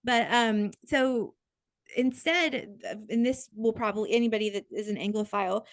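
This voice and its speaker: A woman's voice: a little high, moderate pace, no echo. Chatty woman podcast co-host, dry sound. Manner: chatty, self-interrupting, lots of fillers. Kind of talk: casual chat. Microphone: podcast microphone.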